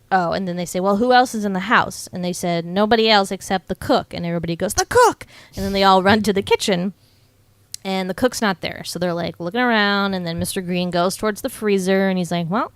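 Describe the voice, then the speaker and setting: A young adult woman co-hosting a podcast, casually recapping a film and acting out characters' lines in quick put-on voices. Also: medium pitch, steady tone, clean tone, dry recording. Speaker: podcast co-host.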